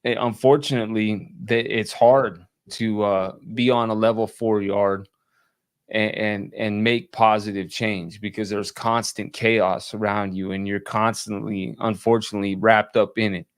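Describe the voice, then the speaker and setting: A man in casual conversation, speaking slowly and plainly with frequent restarts and fillers. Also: fairly low pitch, level tone, clean tone, no echo, studio quality. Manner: slow, halting, plainspoken, many restarts. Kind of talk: casual conversation about life after prison.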